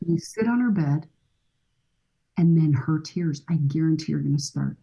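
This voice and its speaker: A woman's voice: low-pitched, animated, normal speed, mellow, lo-fi sound. A middle-aged woman speaking as a guest expert in a podcast conversation, earnest and coaching, often acting out bits of dialogue.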